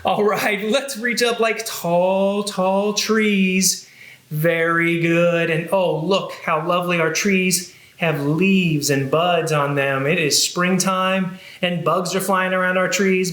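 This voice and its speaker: A man's voice: sits high, fairly even intonation, slow, a bit bright, roomy sound. A man who is a children's librarian, leading a cheerful sing-song music and movement session for young kids.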